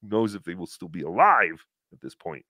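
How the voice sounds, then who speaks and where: Sarcastic, bright-voiced podcast host. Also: male voice, deep voice, brisk, dry recording, clean studio sound. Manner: animated, sarcastic, mocks with impressions. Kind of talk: mocking casual chat.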